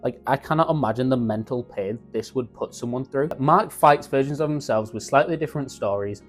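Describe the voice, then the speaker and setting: A young man excitedly recapping a show in casual slang, acting out the characters' lines as he goes. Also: medium pitch, brisk, soft background music. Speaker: YouTube reviewer.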